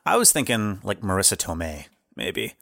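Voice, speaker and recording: A young man co-hosting a podcast, talking loosely and excitably, often laughing. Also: deep voice, moderate pace, vocal fry, no echo, clean studio sound. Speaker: podcast co-host. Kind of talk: casual chat.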